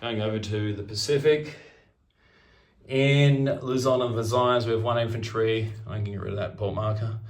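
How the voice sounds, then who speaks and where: A man's voice: lowish voice, fairly even intonation, normal speed. A man narrating his turn in a strategy board game, methodically counting units and pieces aloud as he moves them.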